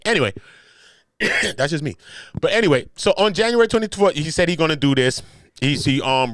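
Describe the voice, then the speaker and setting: A man hosting a live reaction show. He reads a document aloud and comments on it in an animated, profane way, swinging between shouting and muttering. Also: on the high side, no echo, studio quality. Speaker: host.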